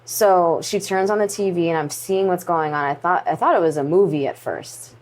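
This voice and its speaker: Brief: woman in her 20s, low voice, earnest and halting, subdued guest in a sit-down interview. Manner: earnest, halting storytelling with restarts. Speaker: interview guest, pro wrestler.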